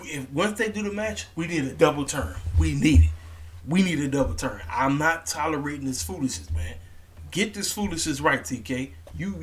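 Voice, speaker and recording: Blunt, slangy man ranting. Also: medium pitch. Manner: blunt, repetitive, emphatic, slangy. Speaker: wrestling commentary vlogger. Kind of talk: casual opinionated rant.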